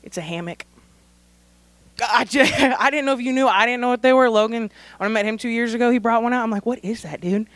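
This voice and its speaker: A young woman with a smooth, clear voice speaks at a church service. She rambles warmly, laughing often and fighting back tears as she pays tribute. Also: fairly high pitch, fast. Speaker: church staff speaker honoring graduates. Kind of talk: heartfelt tribute speech.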